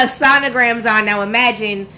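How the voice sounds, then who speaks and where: A woman's voice: a little high, measured pace, bright, forceful tone, slight background noise, low-quality recording. A woman, telling her own story as a podcast guest in a frank, emphatic, slangy way. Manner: frank and emphatic, slangy, vivid retelling with quoted dialogue. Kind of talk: candid personal storytelling.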